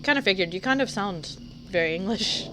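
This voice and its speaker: A woman's voice: mid-range voice, animated, fairly quick, sharp tone, slight background noise. A woman from North Louisiana, co-hosting a stream and relaying chat questions playfully.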